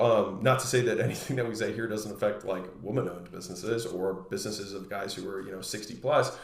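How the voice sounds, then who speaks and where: Chatty man in a roomy room. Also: lowish voice. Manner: relaxed, chatty, full of "like" and retold quotes. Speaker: podcast host. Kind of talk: casual solo monologue.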